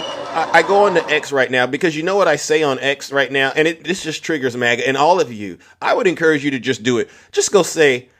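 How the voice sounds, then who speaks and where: A man hosting a political livestream, ranting combatively and speaking straight to his viewers. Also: mid-range voice. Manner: combative, repetitive, addresses audience directly. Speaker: livestream host. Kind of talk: heated political livestream rant.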